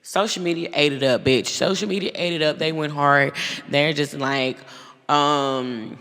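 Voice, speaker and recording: Creaky, bright-voiced woman host. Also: low voice, unhurried, big-room sound. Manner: blunt, profane, animated storytelling. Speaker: podcast host. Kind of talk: casual commentary.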